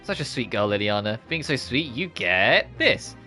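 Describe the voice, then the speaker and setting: A streamer doing a deadpan, blunt young heroine. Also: mid-range voice, normal speed, soft background music, pitched below the performer's own voice. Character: cool, blunt young woman narrator.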